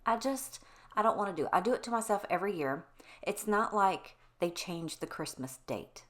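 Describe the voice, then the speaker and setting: A woman's voice: medium pitch, animated, moderate pace. A middle-aged woman chatting casually to her viewers in a voice-over, rambling candidly and drifting off on tangents. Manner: candid and conversational, addresses viewers directly. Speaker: home cleaning vlogger.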